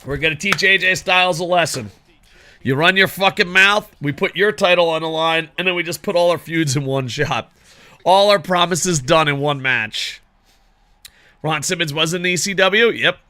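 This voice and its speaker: Guy doing casual gameplay commentary, cusses a ton, hypes everything up, kinda high sharp voice. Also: moderate pace, dry recording. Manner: excitable, heavily profane, addresses viewers as boys. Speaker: gaming commentator. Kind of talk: casual video game commentary.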